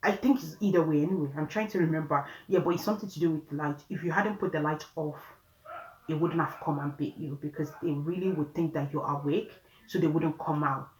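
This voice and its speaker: A woman's voice: low voice, fairly even intonation, a little fast, a little mellow. Chatty Nigerian woman telling a story. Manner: chatty, laughing, addresses viewers directly. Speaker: vlogger. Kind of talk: casual storytelling. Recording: roomy room echo.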